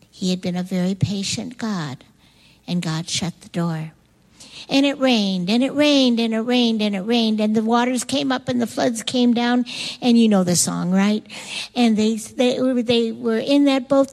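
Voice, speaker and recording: Animated woman telling a Bible story. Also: on the high side, rough recording. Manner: animated, repetitive storytelling emphasis. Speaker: children's Bible teacher.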